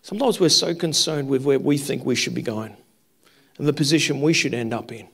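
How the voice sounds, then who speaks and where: A man's voice: mid-range voice, vocal fry, a bit bright. A male pastor preaching a sermon with fervor to his congregation, repeating his points and firing off rhetorical questions. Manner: impassioned, repetitive rhetorical questions. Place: church hall with congregation.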